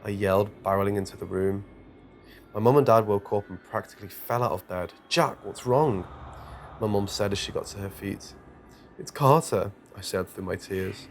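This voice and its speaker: A man's voice: lowish voice, little pitch movement, fairly quick, slight background noise. A man narrating a true scary story with dramatic, tense delivery. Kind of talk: scripted horror narration. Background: quiet music.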